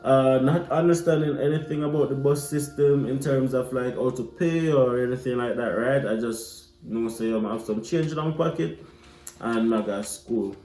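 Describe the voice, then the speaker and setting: A young Jamaican man telling a lively, casual story, slipping into patois. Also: mid-range voice, normal speed. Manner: animated, mixes patois into his telling. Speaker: vlogger. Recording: echoey room with light music.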